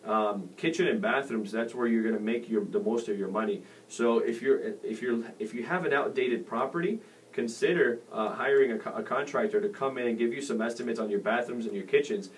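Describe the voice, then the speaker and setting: A man's voice: mid-range voice, a little fast. A middle-aged man talks through real estate advice on a radio show. He wanders, restarts his sentences and leans on fillers. His voice sits a little far from the mic, with a faint hiss under it. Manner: rambling with many fillers and restarts. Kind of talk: casual radio advice talk. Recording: distant mic with faint noise.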